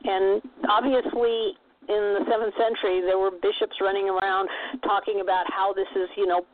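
A woman's voice: medium pitch, little pitch movement, moderate pace. A woman co-hosting a radio show, chatting casually and rambling with restarts. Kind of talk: casual chat. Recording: tinny phone-like radio sound.

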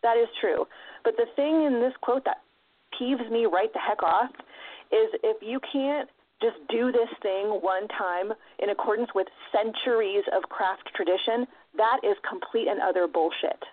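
A woman's voice: a little high, normal speed, dry recording. A woman talking in a casual discussion, passionate and emphatic, swearing freely as she makes her points. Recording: dry, phone-like narrow sound.

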